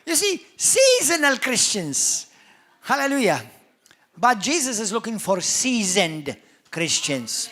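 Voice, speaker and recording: A man with a Maltese accent preaching a sermon as pastor, emphatic and animated, acting out churchgoers. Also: very high-pitched. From Malta. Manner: emphatic preacher, acts out churchgoers in quick voices.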